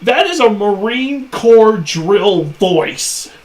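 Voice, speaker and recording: Excitable male streamer, lively and slow. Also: sits high. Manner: excitable, profane. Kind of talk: casual reaction stream.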